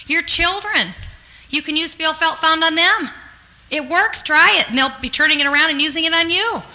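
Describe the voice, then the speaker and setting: A woman's voice: high-pitched, pushed and bright, poor audio. A woman giving a motivational sales training talk in an upbeat, earnest and encouraging way.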